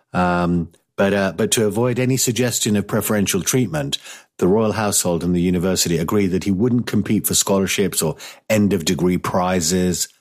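A British man hosting a talk radio show, chatting casually and rambling with many restarts. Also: low-pitched. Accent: British English. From Britain.

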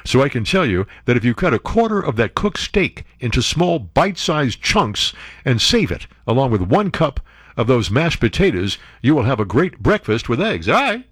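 Animated talk radio host, man. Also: medium pitch, moderate pace, husky, dry recording, clean studio sound. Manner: animated storyteller, laughs often, restarts. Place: radio studio. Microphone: studio microphone.

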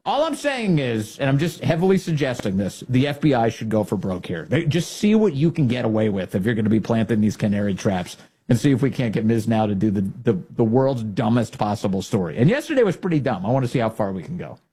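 A man's voice: fast talker, husky. A man hosting a political commentary show, talking in a mocking, sarcastic way. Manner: mocking, animated, jumps into a high pitch for sarcasm.

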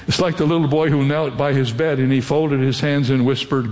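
A man's voice: medium pitch, fairly even intonation, a little fast, hardly any pauses, darkish tone. An older man preaching a sermon as a pastor, earnest and direct, often putting questions to his listeners. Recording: long hall reverb.

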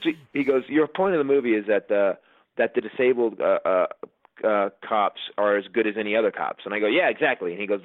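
A man, a comedian and filmmaker, telling stories in a casual chat, quick and animated with lots of restarts. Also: fairly low pitch, dry recording. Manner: fast, animated storytelling with many restarts. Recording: dry, phone-like narrow sound.

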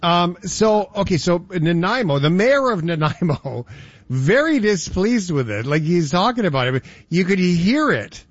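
This man's voice sits high, and the recording is dry with the highs cut off. Hosting a radio show, he banters and jokes with his co-host in an animated way, doing quick voices as he tells anecdotes.

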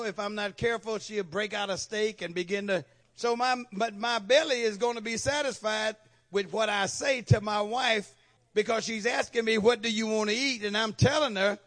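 A man's voice: high voice, a bit bright. A middle-aged male pastor preaching a sermon in church, with repeated call-and-response questions to the congregation.

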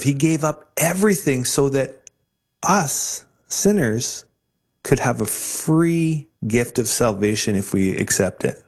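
Earnest man telling his testimony. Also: lowish voice. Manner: earnest, halting storytelling with restarts. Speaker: interview guest.

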